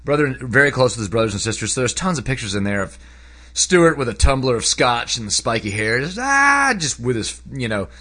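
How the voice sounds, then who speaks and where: A man talking casually about a book he read, rambling with lots of fillers, his voice jumping up when he gets excited. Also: mid-range voice, a little fast. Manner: animated, voice jumps up when excited. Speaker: book reviewer. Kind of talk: casual spoken book review.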